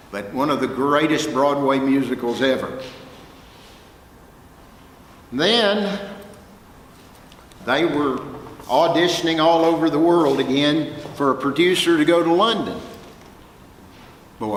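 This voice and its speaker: Folksy Texan man in echoey hall. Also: medium pitch. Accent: Texas. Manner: folksy, animated anecdotes with quoted dialogue. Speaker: guest speaker, music producer. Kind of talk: storytelling talk to students. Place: lecture hall. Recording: echoey hall, faint room noise.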